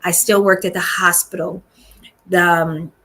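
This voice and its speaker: A woman's voice: lowish voice, little pitch movement, unhurried, pushed and bright. A woman, hosting her own show and candidly telling a personal story at home, speaking straight to her listeners. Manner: chatty and candid, addresses listeners directly. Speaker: show host. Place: home room with balcony door open.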